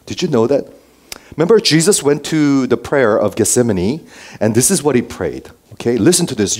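A male pastor preaching a sermon to a congregation, swinging between raised emphasis and hushed near-whispers and often checking in with "okay?". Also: medium pitch, big pitch swings, a little fast, slightly rough. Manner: checks in with the listeners with frequent "okay?". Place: church before a congregation.

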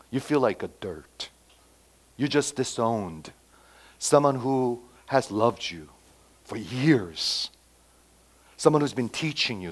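A man preaching a sermon, acting out quotes and swinging between loud emphatic lines and quiet asides. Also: mid-range voice. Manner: acts out quoted dialogue, repeats phrases. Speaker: pastor.

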